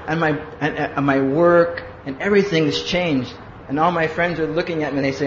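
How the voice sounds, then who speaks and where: A man's voice: fairly high pitch, fairly even intonation, moderate pace. A man giving a sermon as a conversational story, acting out what people said and often asking "huh?". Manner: conversational storytelling, acts out quotes, asks "huh?". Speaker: preacher. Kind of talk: sermon with personal stories. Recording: roomy lo-fi hall recording with hum.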